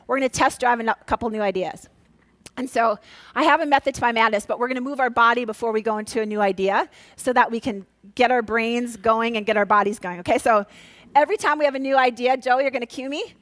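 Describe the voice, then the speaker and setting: High-voiced, energetic woman speaker from Minnesota. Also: quick pace, no room sound. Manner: energetic, coaxing, leads the crowd in call-and-response; drops to a hushed, soft voice for a quiet exercise. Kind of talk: motivational talk to a live audience.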